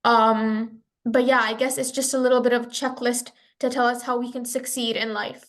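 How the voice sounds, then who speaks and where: A woman student giving an answer in a lesson, pausing with ums and uhs. Her voice sits a little high and stays flat in pitch. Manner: hesitant, many fillers.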